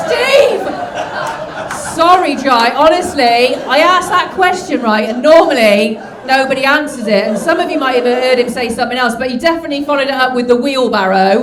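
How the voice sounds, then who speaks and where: A fairly high-voiced woman doing cheeky, teasing crowd work. Her voice echoes in a live club. A laughing crowd fills the room. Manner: cheeky, teasing, chatty with the audience. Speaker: stand-up comedian. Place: comedy club stage.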